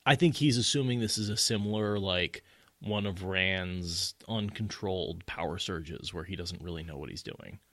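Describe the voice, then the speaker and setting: A man's voice: deep voice, moderate pace, a bit bright, no echo. A man co-hosting a podcast, talking through a fantasy novel in casual chat and mocking the characters in put-on voices. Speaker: podcast co-host. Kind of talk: casual book discussion.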